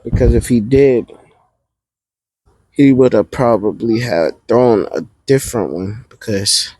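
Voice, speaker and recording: A man voicing a calm, level-headed male ninja ally in an improvised fan story, speaking in a measured, reasoning way. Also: medium pitch, husky, dry recording, poor audio.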